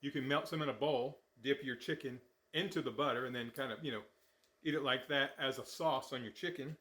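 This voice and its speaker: A man's voice: medium pitch, a little fast, bright, forceful tone. A man hosting a casual how-to cooking vlog in his home kitchen, talking in a folksy, chatty way and sometimes eating as he speaks. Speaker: diet vlogger.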